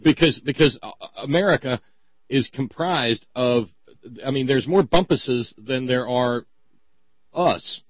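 A male talk radio host who rambles and stammers through restarts, dripping with sarcasm. His pitch leaps up and drops off in a lively way. The sound is dry and a little muffled. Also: unhurried, no room sound.

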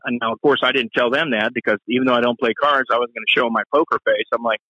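A man, a former police officer and Marine, telling a profane story in an animated way and acting out the voices he quotes. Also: fast, husky, no echo, lo-fi sound. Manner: profane, acts out quoted voices with sharp pitch jumps.

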